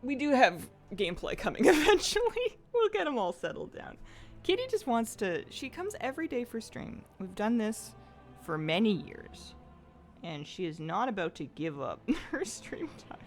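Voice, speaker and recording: A woman live-streaming a game who chats casually, laughs often and coos at her pets in a high sing-song. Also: very animated, moderate pace, soft background music.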